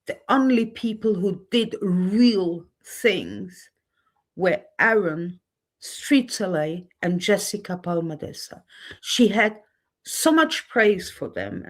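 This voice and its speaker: Slow-talking, blunt, indignant woman. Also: mid-range voice, a bit bright. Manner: blunt, indignant, grows heated. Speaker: channel host. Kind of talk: candid livestream monologue.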